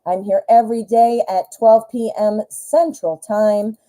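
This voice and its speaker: Dark-toned woman hosting live tarot. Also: mid-range voice, steady tone, measured pace, poor audio. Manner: emphatic, scolding, protective, swears when heated. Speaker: tarot reader host. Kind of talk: live-stream advice chat.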